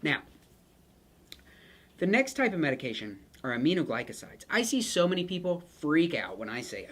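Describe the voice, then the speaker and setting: Casual, animated nursing lecturer, joking asides, very expressive pitch. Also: fairly quick. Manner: chatty and joking, with playful asides to students. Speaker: nursing pharmacology instructor. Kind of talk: casual lecture with picture mnemonics.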